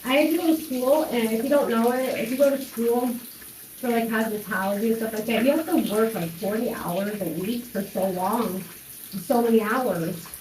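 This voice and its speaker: A woman's voice: on the high side, moderate pace, a little mellow, distant mic, a little hiss or hum. A young woman telling a personal story in a rambling way, with many fillers and restarts. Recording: echoey room, voice off-mic, faint running water.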